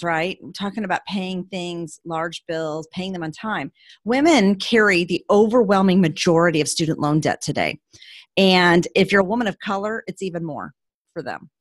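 A woman in her forties hosts a casual podcast, telling stories with energy during an interview. Her medium-pitched voice is recorded dry and close with no room sound, and she acts out quotes with laughs as an animated storyteller.

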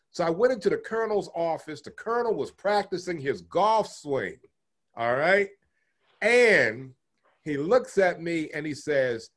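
A man's voice: on the high side, a little slow. Older man telling his life story. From Texas. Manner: animated storyteller, chuckles, acts out quoted voices. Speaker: interviewee. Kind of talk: oral history storytelling.

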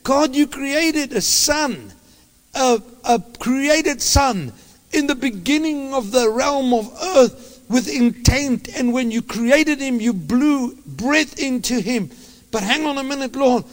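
A man preaching a sermon as a pastor, impassioned and halting, often restarting his phrases. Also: extremely high pitch, lively intonation, in a large hall.

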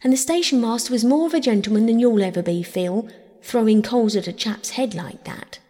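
A woman's voice: a little high, brisk, mellow, in a large hall, pitched above the performer's own voice, lightly acted. A woman doing a bossy, impatient young boy. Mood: scolding. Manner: offhand, impatient, brotherly scolding.

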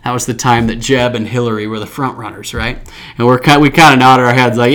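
A man in his thirties or older from Utah, hosting a podcast and telling an anecdote in a chatty, animated way. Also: mid-range voice, a little fast. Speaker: podcast host. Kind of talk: storytelling anecdote.

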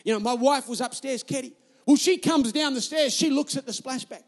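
Male pastor, very high voice, emphatic repetitive preacher telling stories. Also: a little fast, long reverb tail. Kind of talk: sermon.

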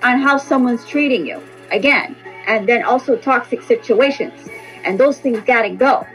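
Blunt, swearing woman with a high voice. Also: moderate pace, fairly bright tone, faint music behind, low-quality recording. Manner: blunt, repetitive, profane, emphatic. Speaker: tarot reader and podcast host. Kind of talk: casual spoken monologue.

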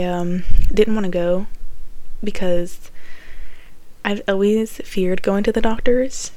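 A woman's voice: on the low side, little pitch movement, normal speed, a little mellow. Chatty young woman telling a story. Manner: chatty and profane, lots of "like" and laughs. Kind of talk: casual storytime chat.

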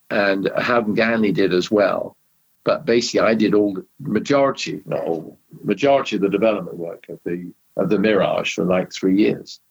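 Older Englishman, husky low voice. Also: dull audio. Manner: rambling, frequent restarts and asides. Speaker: interview guest, former racing driver. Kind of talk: anecdotal storytelling in conversation.

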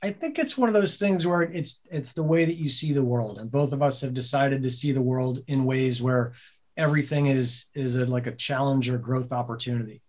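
A man telling a personal story in a casual podcast conversation, animated and swearing freely, laughing as he goes. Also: mid-range voice, brisk. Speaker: podcast guest, business co-owner.

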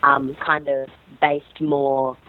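A woman's voice: rumbling low, level tone, takes it slowly. A woman with an Australian accent, a polite and somewhat hesitant guest in a casual chat. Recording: tinny phone-like line.

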